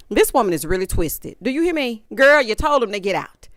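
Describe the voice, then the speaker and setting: A woman hosting a casual reality TV recap, talking in an animated, dramatic, sassy way with punchy asides. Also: fairly high pitch, normal speed, smooth, no echo, studio quality.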